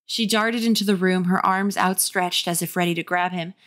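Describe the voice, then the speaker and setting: A woman with a somewhat low voice reads a children's horror book aloud while a little tipsy. She breaks off now and then for wry, joking asides. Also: fairly even intonation, normal speed, hardly any pauses, fairly bright tone. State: tipsy from drinking. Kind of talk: comic book reading.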